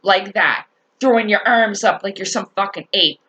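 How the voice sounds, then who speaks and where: A woman telling a story in a casual rant to her viewers, animated, swearing and laughing as she talks. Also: mid-range voice, brisk, breathy edge, rough recording. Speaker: vlogger.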